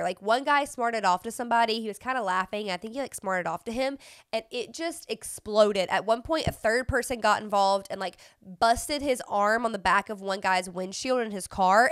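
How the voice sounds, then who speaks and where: A woman's voice: medium pitch, no echo, clean studio sound. A young woman hosting a podcast, telling stories in a casual chatty way, sniffling from a runny nose and filling her talk with "like". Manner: chatty, sniffly, filler-heavy storytelling. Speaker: podcast host. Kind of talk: casual chat.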